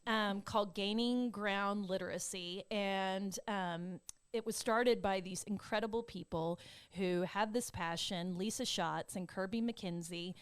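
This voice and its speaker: A woman hosting a podcast, introducing her guests in an effusive, excited casual chat. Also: mid-range voice, a little slow, clean tone, dry recording. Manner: bubbly, effusive, gushing with excitement. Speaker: podcast host.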